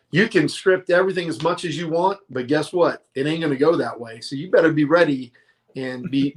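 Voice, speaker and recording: Animated middle-aged man telling stories. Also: on the high side. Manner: animated, tells stories with quoted voices. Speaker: guest, monster truck announcer. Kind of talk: casual storytelling interview.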